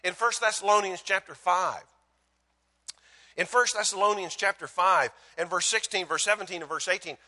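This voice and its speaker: Middle-aged guy preaching, high bright voice, loud then quiet, funny self-digs. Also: moderate pace, big-room sound. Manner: animated, swinging from loud exclaiming to quiet, self-deprecating asides. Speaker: guest preacher. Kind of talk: sermon with humorous personal stories.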